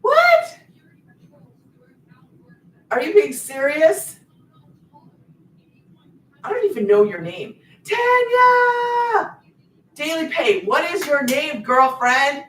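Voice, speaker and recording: A woman's voice: high voice, sing-song, takes it slowly, pauses often, a bit bright, recorded from a distance. Brief: middle-aged woman, emphatic livestream host who rambles, recorded on a phone held a little away in a roomy space. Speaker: online business host. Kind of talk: casual livestream chat. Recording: roomy sound, off-mic.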